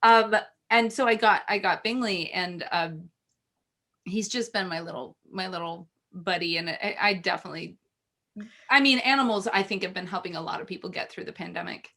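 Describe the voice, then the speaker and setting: A woman's voice: fairly low pitch, moderate pace, pushed and bright. A woman, an opera singer co-hosting a casual chat, who talks in a gushing, rambling way.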